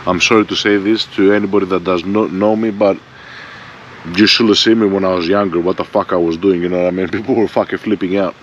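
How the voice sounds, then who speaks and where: A man's voice: sits low, steady tone, fast. A man in his forties ranting bluntly and profanely in a rambling motorbike vlog, recorded outdoors on a bike-mounted camera. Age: 40s. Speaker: motorbike vlogger. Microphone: bike-mounted front camera. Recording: dull lo-fi sound, faint vehicle noise.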